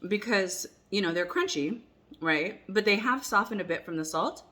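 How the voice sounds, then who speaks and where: A woman's voice: mid-range voice, expressive, normal speed, a bit bright. A woman vlogging a casual taste test at home, chatty and rambling, sometimes talking while she chews. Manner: chatty and rambling, many fillers and restarts; talks while chewing food at times. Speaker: cooking vlogger.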